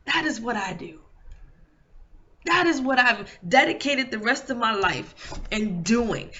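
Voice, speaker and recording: Impassioned bright-voiced woman coach. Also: sits high. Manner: impassioned, repetitive, preacher-like cadence. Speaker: intimacy coach. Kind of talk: motivational monologue. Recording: dull lo-fi recording.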